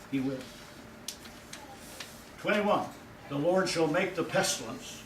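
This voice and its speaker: A male pastor preaching a sermon in a folksy way, his voice rising and loud whenever he quotes God. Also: fairly high pitch, a little hiss or hum. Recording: echoey room from far off.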